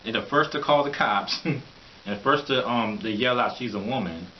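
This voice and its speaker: A man's voice: mid-range voice, normal speed. A man giving a rambling, opinionated vlog monologue, mocking and laughing often as he talks. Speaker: vlogger. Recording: dull lo-fi recording with faint hiss.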